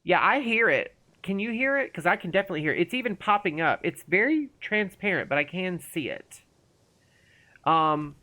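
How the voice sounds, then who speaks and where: A woman streams a game and chats casually, rambling playfully and talking to the characters. Her voice is deep and a bit bright.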